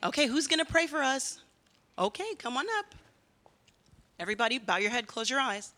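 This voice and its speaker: Woman children's-church teacher, lively and questioning, with a bright, fairly high voice. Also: fairly quick, big-room sound. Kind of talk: children's sermon.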